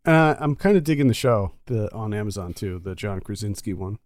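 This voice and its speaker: A man co-hosting a casual movie review chat, talkative and quick to laugh. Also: fairly low pitch, lively intonation, a little mellow, no room sound, studio quality. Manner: chatty, laughs easily. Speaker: podcast co-host.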